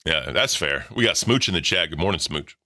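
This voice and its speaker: A man with a very deep, low voice and a forceful, tense edge, talking in casual livestream commentary. He rambles, corrects himself and keeps tagging "right?" onto his points. Dry, close sound. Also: lively intonation, fairly quick, dry recording. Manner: rambling, self-correcting, says "right?" often. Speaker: co-host.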